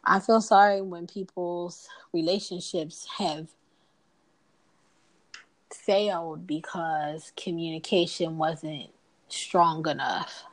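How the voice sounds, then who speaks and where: Woman, lowish voice, animated storyteller, casual chat. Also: takes it slowly, low-quality recording. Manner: animated storyteller, acts out dialogue. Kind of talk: casual conversation.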